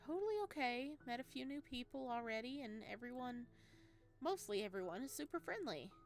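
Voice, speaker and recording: A woman's voice: on the high side, expressive, brisk, soft background music. A woman playing a visual novel and reading its text and lines aloud, playful. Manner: playful, does all the voices. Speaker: let's play streamer.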